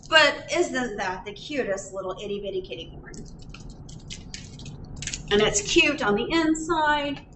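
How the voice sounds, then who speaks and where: A woman's voice: fairly high pitch, expressive, a little slow, pauses often, noisy background. A woman reading a picture book aloud at a library storytime, sing-song and full of questions for the children. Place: library room. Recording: roomy echo.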